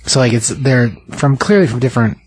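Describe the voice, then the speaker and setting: A man's voice: medium pitch, expressive, brisk, breathy edge, low-quality recording. A man co-hosting a casual chat about a comic, loose and full of fillers. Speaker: co-host.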